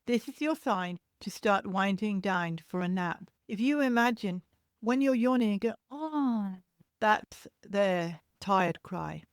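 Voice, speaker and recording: A woman hosting a solo parenting podcast, explaining baby cries in a gentle, reassuring teaching tone and imitating the cries to show them. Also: mid-range voice, clear, resonant tone, no room sound, studio quality. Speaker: podcast host and childcare educator.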